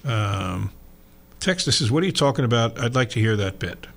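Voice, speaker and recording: A man's voice: medium pitch, animated, moderate pace, creaky, fairly bright tone. A male radio sports show host, chatting loosely with lots of fillers. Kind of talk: casual radio chat.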